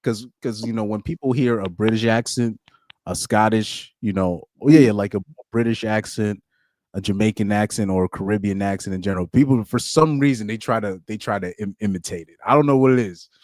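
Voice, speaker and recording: A man's voice: on the low side, a little fast, darkish tone, dry recording, clean studio sound. A man hosting a casual podcast chat, laid-back and slangy, chuckling between points. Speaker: podcast host.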